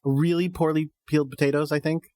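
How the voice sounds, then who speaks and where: A man's voice: fairly high pitch, little pitch movement, fast, mellow, no echo. A man co-hosting a casual fan podcast, laughing often and acting out characters' lines as he talks. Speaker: podcast co-host.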